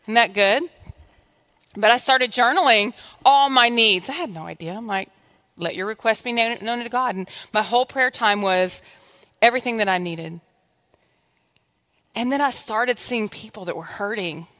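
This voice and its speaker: A woman's voice: medium pitch, moderate pace, pauses often, a bit bright. A woman pastor giving a conversational, humorous sermon in church, exhorting her congregation.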